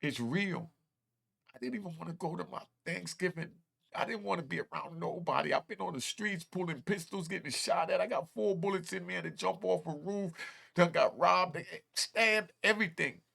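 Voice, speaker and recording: A man in his fifties with a gravelly, husky voice that sits a little high for a man. He tells a raw, emotional personal story in casual street slang, close to tears. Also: quick pace, a bit bright. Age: 50s. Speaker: host telling his story.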